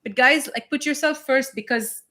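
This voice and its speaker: A woman's voice: high voice, moderate pace, bright, forceful tone. A woman spiritual teacher co-hosting a casual talk, emphatic and blunt, swearing freely.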